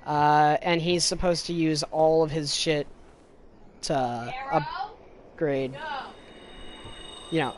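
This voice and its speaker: A man in casual gaming chat with a monotone voice, explaining game rules with many restarts. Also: a little high, slow, pauses often, slight background noise. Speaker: gamer.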